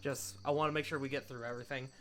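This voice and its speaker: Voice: medium pitch, fairly even intonation, racing, fairly bright tone. A game master narrating a tabletop game in a casual, rambling way. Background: background music.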